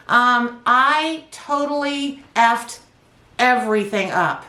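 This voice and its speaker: A woman knitting vlogger telling a rambling, animated story in casual chat on a couch. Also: fairly high pitch, slow, roomy sound. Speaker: knitting vlogger, yarn dyer. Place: indoors, on a couch.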